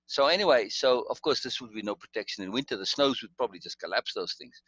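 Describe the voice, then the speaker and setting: A man's voice: mid-range voice, animated, fast talker, a bit bright, dry recording, dull audio. A man telling a long personal story in casual conversation, rambling with restarts and asides. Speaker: guest storyteller.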